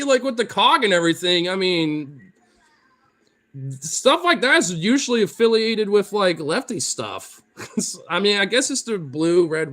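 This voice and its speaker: A man with a Pacific Northwest accent, a streamer chatting casually with viewers, excitable, swearing freely and laughing often. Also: fairly high pitch. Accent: Pacific Northwest American. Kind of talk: casual chat answering viewer comments.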